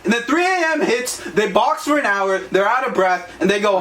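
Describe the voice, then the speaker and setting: A man's voice: very high voice, big pitch swings, moderate pace, sharp tone. A young man co-hosting a podcast, giving blunt, profane motivational talk. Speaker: podcast co-host. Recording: echoey room, distant mic, faint noise.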